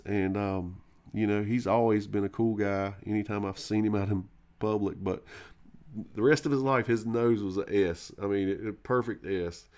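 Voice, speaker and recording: With a lowish, slightly mellow voice, a live-stream host meanders through an extended personal anecdote. The telling is casual and swear-heavy, packed with filler words and false starts.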